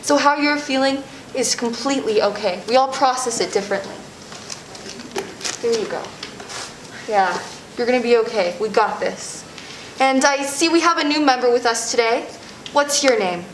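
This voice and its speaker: A young woman plays a group leader who soothes everyone a bit too much. Her voice sits slightly high. The room around her is echoey. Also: a little hiss or hum, close to an everyday voice. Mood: soothing. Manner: over-soothing, slow sympathetic drawl. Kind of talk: student sketch comedy acting.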